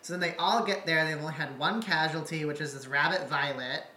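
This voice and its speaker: A woman with a very low voice co-hosts a loose film-review chat, blunt and sardonic. She swears freely and laughs at her own jokes. Her tone is bright and sharp, and her voice rings in an echoey room. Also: a little fast, a little hiss or hum. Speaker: podcast co-host.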